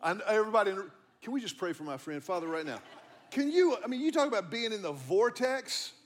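A man's voice: sits high, very animated, a little fast. A middle-aged man, a pastor, preaching a sermon in a church in a conversational, storytelling way, repeating key lines for emphasis. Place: church auditorium.

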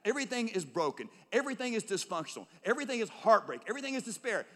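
An animated male preacher with a fairly high voice, delivering a sermon in a large church auditorium. He swings between loud, emphatic calls and hushed, low tones. A long reverb from the hall trails behind his words. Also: racing, hardly any pauses. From United States. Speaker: pastor.

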